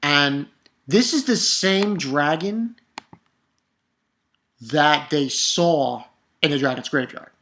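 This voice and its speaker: A man giving a casual, excitable, profane review of a manga chapter. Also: fairly high pitch, slow, long pauses, slight background noise. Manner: excitable and profane, bursts into loud exclamations.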